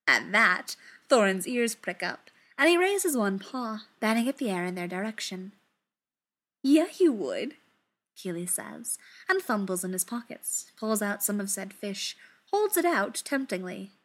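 Woman reading a story out loud, slow and easy, voice goes all over the place. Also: mid-range voice. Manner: expressive, unhurried.

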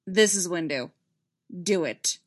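A woman voicing a weary male Jedi master who speaks quietly and bleakly. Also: lowish voice, expressive, slow, dry recording. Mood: grave.

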